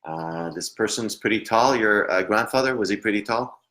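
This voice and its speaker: A psychic medium conducts a live online reading at his home computer, speaking in a lowish, fairly bright voice at a moderate pace. Hesitant and apologetic, he laughs a lot and tends to trail off into murmurs.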